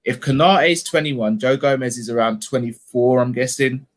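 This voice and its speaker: In a steady tone at medium pitch and moderate pace, a man hosts a laid-back live-stream talk. He voices viewers' comments and keeps the discussion moving by asking probing, pointed questions.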